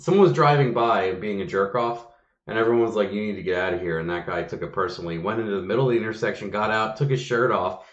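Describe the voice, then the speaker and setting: A man hosting a casual podcast chat, telling stories in a lively way and acting out what people said, with swearing. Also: on the low side. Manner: animated, acts out quotes with swearing. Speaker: podcast host. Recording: roomy, dull lo-fi sound.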